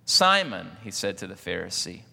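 A man preaches in a church with a bright, forceful tone, joking easily and putting questions to the congregation. His words ring out with a long hall reverb behind them. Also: medium pitch, lively intonation, normal speed. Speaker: pastor. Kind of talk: sermon.

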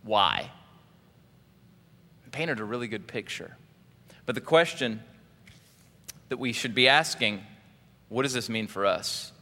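Male pastor preaching, bright punchy voice, asks the crowd stuff, big echoey hall. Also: mid-range voice, measured pace, pauses often. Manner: animated, asks the congregation questions. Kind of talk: sermon. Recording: reverberant hall.

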